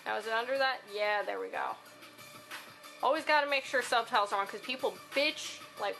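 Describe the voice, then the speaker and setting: A woman's voice: a little high, fairly quick, vocal fry, bright, forceful tone, faint music behind. A woman giving chatty, profane commentary while playing a video game. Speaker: gaming streamer. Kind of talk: casual let's-play commentary.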